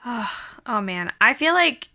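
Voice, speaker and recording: A woman's voice: fairly high pitch, very animated, measured pace, creaky, pushed and bright. A woman hosting a podcast, interviewing a guest in an enthusiastic, encouraging way. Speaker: podcast host. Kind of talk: casual interview.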